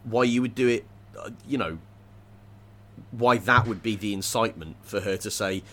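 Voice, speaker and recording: A man in casual discussion, thinking aloud with many pauses, fillers and restarts. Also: fairly low pitch, a bit bright.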